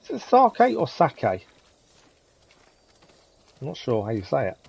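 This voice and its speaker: A man's voice: medium pitch, sing-song, a little slow, gravelly, mellow, husky. Chatty man streaming a game. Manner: chatty, friendly, reads chat aloud, says "to be fair" often. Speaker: live-stream gaming host. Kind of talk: casual gameplay commentary, chatting with viewers.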